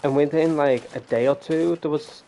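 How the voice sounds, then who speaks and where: A man's voice: on the high side, fairly even intonation, normal speed, warm tone, slight background noise. A man hosting casual gameplay commentary, rambling and ranting and swearing freely. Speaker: gaming channel host.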